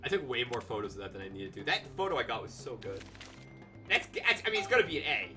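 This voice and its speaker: Let's-play streamer, chatty and profane, loud game music behind. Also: medium pitch, quick pace. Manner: rambling, swears, bursts into excited shouting. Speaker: gaming streamer. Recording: game music behind, voice a bit distant from mic.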